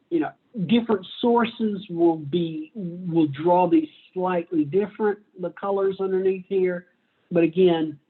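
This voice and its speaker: A man's voice: a little high, breathy edge, narrow, tinny audio. A man giving a casual, conversational college lecture. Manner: conversational, plays out little voices. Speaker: university lecturer.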